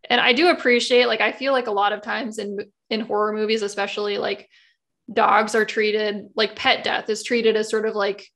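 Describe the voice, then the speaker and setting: A woman's voice: medium pitch, little pitch movement, normal speed, a bit bright. A woman co-hosting a podcast, chatting casually and tentatively with many fillers. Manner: easygoing, filler-heavy, tentative. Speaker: podcast co-host. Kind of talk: casual chat.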